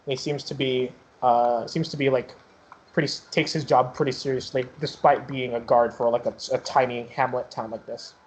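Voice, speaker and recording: A man's voice: mid-range voice, fairly even intonation, moderate pace, a little mellow, slight background noise, poor audio. A man narrating as game master in a tabletop game, casual and full of fillers.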